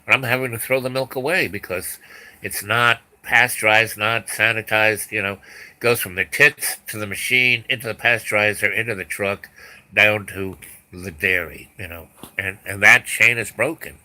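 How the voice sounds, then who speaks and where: A man's voice: fairly low pitch, steady tone, moderate pace, bright, forceful tone, poor audio. A man voicing an old, worried but practical dairy farmer who explains his trouble plainly.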